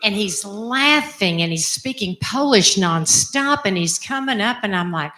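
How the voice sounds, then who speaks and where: An older woman, a religious sister, telling a personal story in an animated, emphatic way. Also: mid-range voice, a little slow. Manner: animated, emphatic, acts out quotes. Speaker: religious sister giving a testimony. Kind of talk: storytelling talk.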